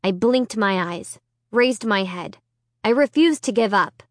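A woman narrating a children's chapter book in the first person, with tense, expressive reading. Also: medium pitch, unhurried, no echo, studio quality. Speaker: audiobook narrator.

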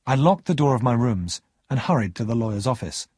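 Guy reading a story, raspy voice, goes up and down a lot. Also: medium pitch, animated, fairly quick, darkish tone, no echo, clean studio sound. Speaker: narrator.

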